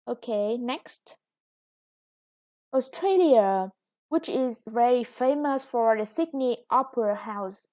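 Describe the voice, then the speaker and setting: Slow, patient Vietnamese woman teacher. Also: on the high side, darkish tone. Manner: patient, explanatory. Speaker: English teacher. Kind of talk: recorded classroom lesson.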